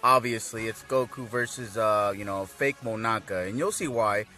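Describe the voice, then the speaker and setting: A man giving a casual, rambling recap of an anime episode, laughing often and acting out characters' lines in excited voices. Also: fairly low pitch, moderate pace, soft background music. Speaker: anime reviewer.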